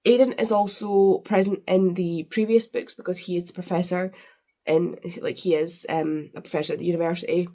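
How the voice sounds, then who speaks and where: A woman's voice: lowish voice, steady tone, brisk, warm tone. Chatty woman gushing over books. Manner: gushing, chatty, many fillers. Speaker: book vlogger. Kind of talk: casual unboxing chat.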